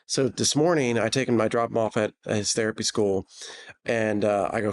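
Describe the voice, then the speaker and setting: A man's voice: fairly low pitch, normal speed. Chatty man hosting a casual show. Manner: animated storyteller with many restarts. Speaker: podcast host. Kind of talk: casual chat.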